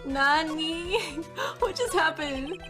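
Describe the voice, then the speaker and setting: A woman's voice: high voice, slow, music in the background. A woman streamer chatting casually and swearing while she plays and reads a video game aloud. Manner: giggly, cursing, reads game lines aloud. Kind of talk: casual let's-play commentary.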